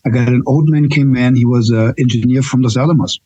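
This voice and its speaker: A man's voice: medium pitch, steady tone, fast talker, dark tone, breathy edge, dry recording, lo-fi sound. A man in his sixties with a German accent, a nurse guest telling candid stories in a casual interview, often checking in with "right?". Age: 60s. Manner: candid, storytelling with frequent "right?" tags.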